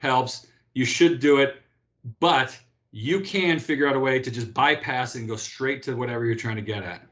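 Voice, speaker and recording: A former pro beach volleyball player in his fifties, speaking at a mid-range pitch and normal speed, is a guest in a casual interview. He's an animated storyteller who restarts often and tags sentences with "right?"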